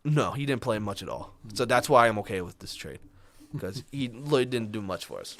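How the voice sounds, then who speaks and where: A man co-hosting a podcast, walking through the trades in a casual chat with fillers and quick asides. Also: lowish voice, animated, fairly bright tone. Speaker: podcast co-host.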